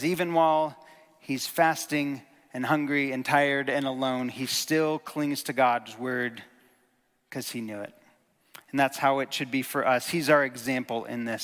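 A man's voice: medium pitch, a bit bright. A man preaching a sermon, earnest and emphatic, teaching with rhetorical questions. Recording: long hall reverb.

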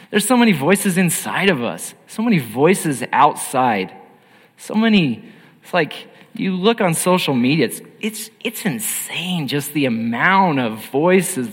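Male preacher, earnest, emphatic, unhurried delivery, long hall reverb. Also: fairly high pitch, husky. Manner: earnest, emphatic, swings between loud and hushed. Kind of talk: sermon.

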